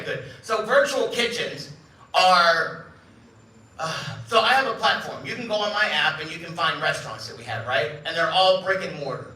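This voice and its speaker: A middle-aged man addresses a live audience in a big, echoey room, caught from some distance away. His voice sits a little high and sounds bright and forceful. He keeps it light with jokes and runs stories by playing out the voices of the people in them. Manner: joking, storytelling, acts out quoted voices. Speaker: company CEO giving a talk. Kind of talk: live event speech. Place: large event room. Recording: echoey room, speaker far from mic.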